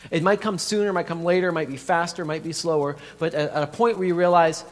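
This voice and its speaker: A man preaching as a pastor, telling a story in a conversational, halting, earnest way. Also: fairly high pitch, steady tone. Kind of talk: sermon storytelling. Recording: echoey hall, faint hum.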